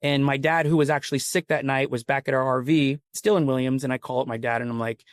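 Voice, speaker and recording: A man's voice: medium pitch, fairly even intonation, fast talker, no echo. Male podcast guest, casual rambling storyteller, mid-range voice, dry studio sound. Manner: rambling, earnest, full of "like" and "you know". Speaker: podcast guest, company CEO.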